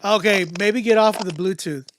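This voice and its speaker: A man hosting a live music critique stream, talking in a casual, animated way, often laughing and repeating himself. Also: sits high, moderate pace, slight background noise. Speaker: livestream host critiquing music.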